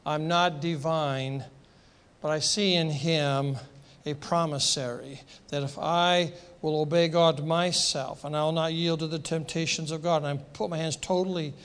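A man's voice: fairly high pitch, steady tone, measured pace, a bit bright, clear, resonant tone. A middle-aged man preaching a sermon as pastor, passionate and emphatic, repeating phrases for force.

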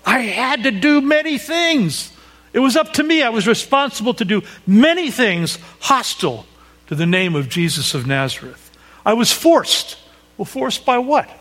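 A pastor with a high voice preaches an expository sermon, reading and explaining scripture in an animated, conversational way while checking in with his listeners. The recording carries a long hall reverb.

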